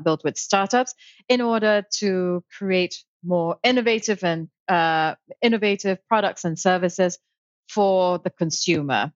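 A woman guest speaking in a thoughtful, measured way, with frequent ums and light laughs, about her career. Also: lowish voice, no echo, highs cut off. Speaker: interview guest, author and founder. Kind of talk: casual conversational interview.

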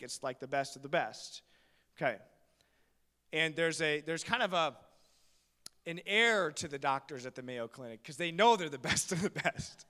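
A male pastor preaching a sermon in a church, telling stories with jokes and building to loud, shouted preaching. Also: a little high, in a large hall. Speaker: guest pastor.

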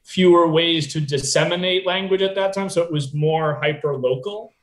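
A man's voice: fairly high pitch, moderate pace, roomy sound. An American man chatting casually about a film, loose and full of fillers and asides. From United States.

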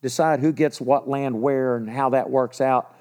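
A man's voice: mid-range voice, steady tone, unhurried, a little mellow. A man teaching a sermon in a conversational, emphatic way, repeating key points. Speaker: pastor.

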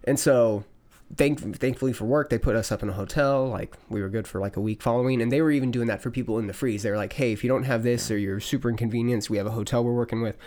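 A man's voice: mid-range voice, quick pace, darkish tone. A man hosting a podcast, telling a long story in loose casual chat with lots of swearing and fillers. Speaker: podcast host.

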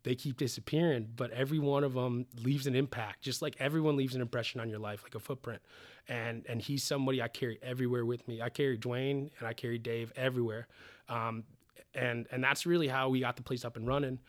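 Brief: man, distillery founder, relaxed interview storyteller, animated and loose, swears casually, emotional streak. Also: mid-range voice, fast talker.

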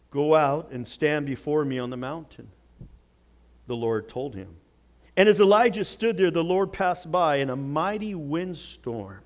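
A man preaching a sermon, telling a Bible story with dramatic swings from loud outbursts to hushed words. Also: on the high side. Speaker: pastor.

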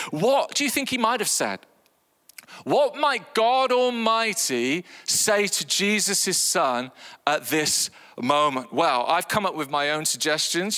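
A man preaching a sermon, animated and acting out voices with big swings in pitch. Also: in a large hall.

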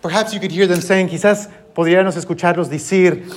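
A man's voice: a little high, fairly even intonation, quick pace. A pastor giving a sermon to a church congregation, switching line by line between English and Spanish, with wry sarcasm. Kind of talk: bilingual sermon, preaching in English and translating himself into Spanish.

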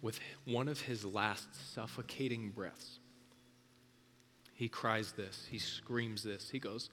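A male pastor delivering an intense sermon, driving home points with repetition and swinging from loud emphasis to a hush. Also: lowish voice, fairly even intonation, takes it slowly.

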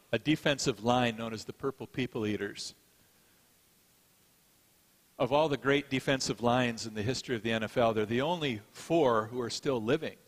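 Man, middle-aged, pastor, chatty storytelling sermon, mid-pitched voice, echo trailing in a big church hall. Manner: conversational storytelling, self-deprecating. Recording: long hall reverb.

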